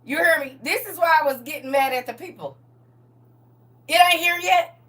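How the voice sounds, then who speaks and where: A middle-aged woman chatting on a livestream from home, animated and talking straight to her viewers. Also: high-pitched, normal speed, far from the mic. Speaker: livestream host showing off a custom jacket. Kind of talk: casual livestream chat. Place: at home indoors.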